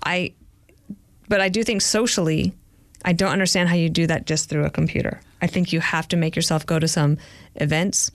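A woman's voice: on the low side, fairly even intonation, brisk, no echo, clean studio sound. A middle-aged woman hosting a podcast, chatting casually and teasing her husband as she asks him questions. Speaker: podcast host. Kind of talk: casual chat.

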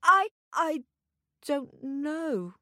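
A woman voicing an earnest young boy who pleads and begs in a high, eager voice. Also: sing-song, very slow, bright, forceful tone, no echo, studio quality, exaggerated voice. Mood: pleading.

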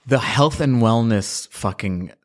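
A man's voice: mid-range voice, slow pace. A man hosting a podcast in casual chat, ranting animatedly and profanely and acting out little scenes in put-on voices. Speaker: podcast host.

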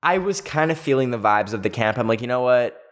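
A man's voice: medium pitch, animated, fast talker. A man in his twenties telling a personal story to camera in a casual, rambling way, full of "like". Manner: rambling, heavy use of filler "like". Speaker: storytelling video host.

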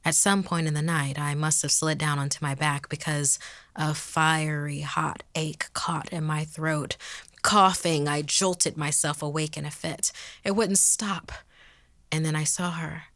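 A woman host reading a ghost story aloud in a measured way, dropping to a whisper at eerie moments. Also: low-pitched, steady tone, fairly bright tone, dry recording.

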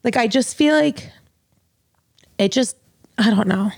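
A woman in her thirties talks through her feelings on a podcast, rambling and filler-heavy, close to tears. Her voice has a creaky fry, and the sound is dry with no room echo. She comes across as open and unguarded. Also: a little high, a little slow. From US East Coast. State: tearful. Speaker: podcast co-host. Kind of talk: casual chat.

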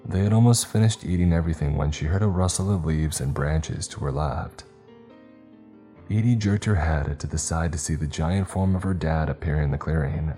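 Very deep-voiced male storyteller. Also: dark tone, breathy edge. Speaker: narrator. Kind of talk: storybook narration. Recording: faint background music.

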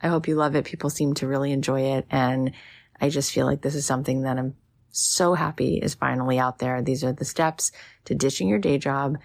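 A woman's voice: very deep voice, steady tone, fairly quick, creaky, dry recording, studio quality. A woman hosting a podcast, reading an earnest, encouraging intro and a plug for her workshop. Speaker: podcast host. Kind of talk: scripted intro and ad read.

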